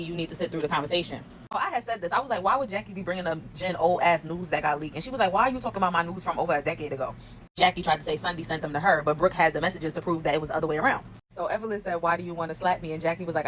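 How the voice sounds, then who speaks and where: A woman rattles off a reality TV recap at a rapid clip, chatty and laughing as she retells what cast members said. Her voice sits low. A faint noise hangs under the recording. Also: rough recording. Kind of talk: casual recap commentary.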